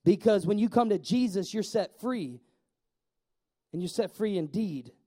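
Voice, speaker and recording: A man preaching a sermon as pastor, telling Bible stories in an animated way with acted-out voices. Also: high-pitched, unhurried.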